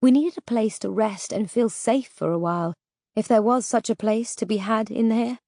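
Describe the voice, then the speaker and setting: A woman reading a first-person audiobook in scripted narration, steady and even. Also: on the high side, moderate pace, creaky, dry recording, clean studio sound.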